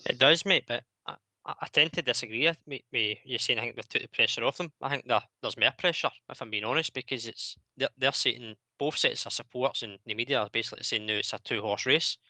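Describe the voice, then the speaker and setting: Bright, forceful Scottish man. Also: medium pitch, fast talker, no room sound. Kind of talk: football phone-in chat.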